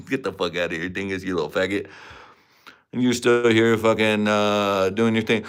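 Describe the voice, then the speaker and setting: A man rambling through crude trash talk on a home livestream, his voice sitting at an ordinary pitch. He talks into a desk mic in a room at home, loose and unfiltered. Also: brisk, clean tone. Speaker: livestream host. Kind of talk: crude casual livestream chat. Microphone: desk microphone.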